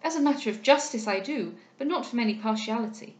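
A woman's voice: on the high side, expressive, fast talker, echoey room, close to an everyday voice. A woman voicing an anxious, earnest young heiress in a novel reading, asking urgent, pleading questions.

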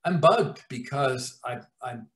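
A man, a TV writer-producer, telling profane, animated stories in an interview and acting out scenes. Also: mid-range voice, slow pace. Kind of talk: anecdotal storytelling in an interview. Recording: roomy echo.

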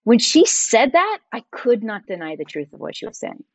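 A middle-aged woman, a podcast guest, telling her story in a lively conversational way. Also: on the high side, normal speed, dry recording. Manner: animated, acts out quoted dialogue in her stories. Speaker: podcast guest, entrepreneur and designer.

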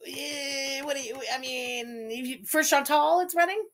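A woman's voice: high-pitched, unhurried. A woman streamer giving crude, sarcastic reaction commentary and thanking viewers.

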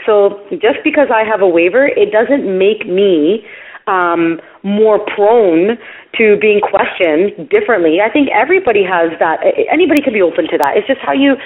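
A woman's voice: mid-range voice, expressive, normal speed. A woman telling a long story in casual podcast chat, acting out the people she quotes. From Canada. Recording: tinny phone-line audio.

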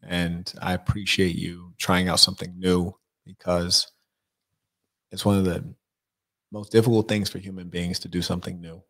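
A man hosting an advice livestream, giving blunt, measured answers to viewers' questions. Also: deep voice, flat delivery, bright, forceful tone. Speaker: life coach host.

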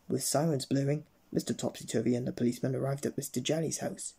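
A man's voice: mid-range voice, fairly even intonation, fast, creaky, hardly any pauses, warm tone, slightly rough. A man reading a children's story aloud in a playful storytelling manner. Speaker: storybook reader.

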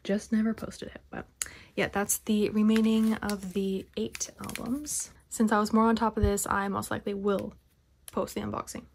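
A young woman vlogging a haul of collector albums, chatting casually and gushing like an excited fan with whispered asides. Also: medium pitch, normal speed, slight background noise. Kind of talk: casual unboxing haul vlog.

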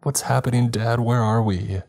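A man's voice: medium pitch, fairly even intonation, moderate pace, a little mellow, voice pushed up, lightly acted. A man voicing a frightened teenage girl in a horror story, pleading and tearful.

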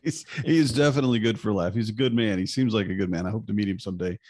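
A man's voice: on the low side, very fast, a little mellow, no room sound, clean studio sound. A man from the South, co-hosting a podcast in easygoing, joking casual chat. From American South. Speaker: podcast co-host.

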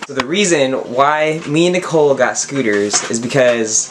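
A man's voice: medium pitch, lively intonation, moderate pace, noisy background. A man hosts a casual on-the-go vlog, slangy and joking. His voice sits mid-height but swings widely up and down as he hypes up the day. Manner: hyped, slangy, jokey. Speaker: vlogger host.

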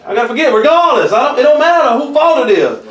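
Animated preaching man, high voice, far off. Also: quick pace. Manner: lively, conversational, animated preaching with laughs. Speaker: church elder teaching a lesson. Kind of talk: preaching a Bible lesson. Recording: roomy echo, from far off the mic.

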